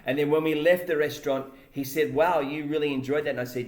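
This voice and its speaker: A man's voice: a little high, fairly even intonation, fast. A man, co-hosting a casual podcast chat. He talks in a loose, chatty way and keeps tagging his lines with "right?". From Australia. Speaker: podcast co-host. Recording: echoey room.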